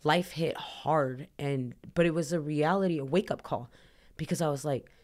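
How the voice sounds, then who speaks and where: A woman's voice: low-pitched, moderate pace, darkish tone. Earnest woman rambling through her story. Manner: rambling, heavy use of "like"; earnest, emotional retelling. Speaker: podcast guest. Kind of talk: personal storytelling in an interview.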